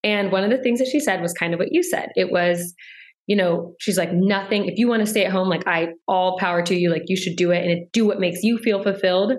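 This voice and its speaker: A woman's voice: mid-range voice, a little fast. A young woman chatting casually as a podcast guest, leaning on lots of filler "like"s. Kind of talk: casual interview chat.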